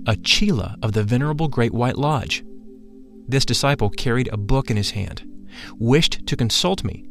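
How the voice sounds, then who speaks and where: A man narrating a first-person spiritual memoir in a measured, solemn reading style. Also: mid-range voice.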